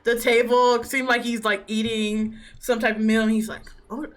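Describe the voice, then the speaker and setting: A woman's voice: on the high side, flat delivery, moderate pace. A woman narrating as game master in casual, laughter-filled talk, with swearing.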